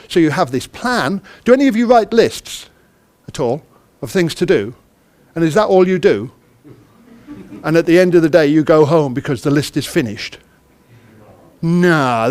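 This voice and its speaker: A man's voice: a little high, sing-song, a little slow, darkish tone. A man from the United Kingdom giving an interactive conference talk. He is chatty and self-deprecating, and he keeps quizzing the audience. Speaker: conference speaker. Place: conference hall.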